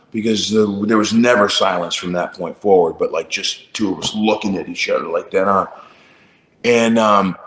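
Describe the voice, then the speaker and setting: A man who is a musician guest, telling a casual anecdote in a relaxed, wry way during an interview. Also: fairly low pitch, echoey room.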